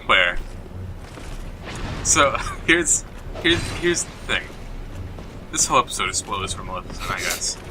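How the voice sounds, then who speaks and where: A man with a slightly low voice chats casually while he plays, rattling off a plot in a loose, offhand way. He shrugs things off with fillers and "whatever". Game music plays loudly behind him. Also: big pitch swings, a little slow, pauses often. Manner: rambling, dismissive, loose retelling with many fillers. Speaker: co-host of a gaming show.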